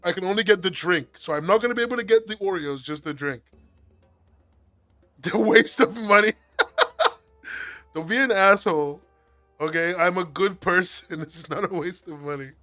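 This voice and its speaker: A man with an English accent chatting with his live-stream viewers, excitable and quick to swear and laugh. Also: high-pitched, soft background music. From England. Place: at home.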